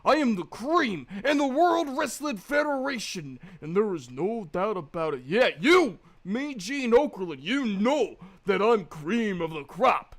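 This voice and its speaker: A man's voice: high voice, sing-song, full character voice. A man doing a hyped-up wrestler's promo, all "yeah" tics. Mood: intense. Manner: drawn-out syllables, "yeah" tics, rising to loud bursts.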